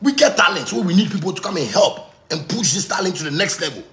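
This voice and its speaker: Ghanaian guy ranting in pidgin, high animated voice that shoots up into shouts, echoey room. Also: fast talker. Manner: ranting, repetitive, bursts of shouting. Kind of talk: heated monologue in pidgin.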